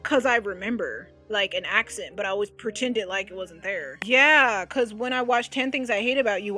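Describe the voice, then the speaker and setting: A woman's voice: fairly high pitch, fairly bright tone. A young woman vlogger giving casual reaction commentary, chatty and exclamatory.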